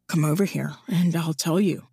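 A woman's voice: fairly even intonation, normal speed, dark tone, no room sound, clean studio sound, faint music behind, heavily acted. A woman voicing a silky, teasing charmer. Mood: flirtatious. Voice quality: low, silky and smooth.

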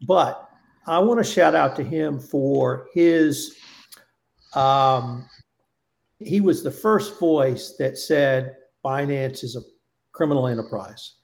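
A man hosts a roundtable podcast in a loose, conversational way. His mid-pitched voice has a gravelly edge of fry. He talks emphatically, stacking points one after another. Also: slow pace. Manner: emphatic, building lists. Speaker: podcast host. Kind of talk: casual roundtable podcast chat.

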